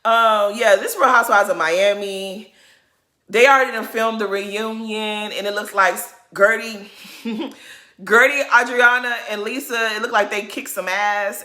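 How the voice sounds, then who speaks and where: A woman's voice: medium pitch, measured pace, bright, forceful tone. A woman vlogger recapping a reality show in a sassy, gossipy way, laughing often. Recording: roomy echo.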